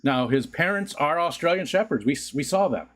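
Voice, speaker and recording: A man's voice: a little high, lively intonation, normal speed, fairly bright tone. Chatty man hosting a home livestream. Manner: rambling, chatty, laughs often, talks to his dog. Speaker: livestream host. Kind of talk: casual chat to live viewers. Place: home room.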